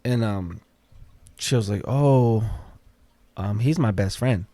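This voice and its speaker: A man's voice: on the low side, slow, dark tone, dry recording. A man guest on a podcast, telling a story casually and acting out the quotes, with swearing.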